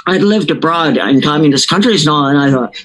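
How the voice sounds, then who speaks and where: A woman's voice: low voice, fairly bright tone, rough recording. Older woman, ex-school board member, digressive storyteller who keeps correcting herself. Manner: rambling, digressive, self-correcting. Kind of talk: anecdotal personal storytelling.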